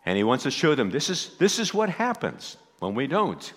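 Male pastor, mid-pitched, emphatic sermon delivery in a reverberant hall. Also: huge pitch swings, normal speed, fairly bright tone. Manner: emphatic, repeats key phrases. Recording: echoey hall.

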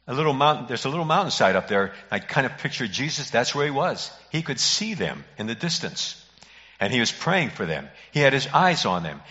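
A man's voice: mid-range voice, sharp tone. Man preaching a sermon in an echoing hall. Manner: earnest, emphatic preaching with dramatic pauses. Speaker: pastor. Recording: muffled audio in a reverberant hall.

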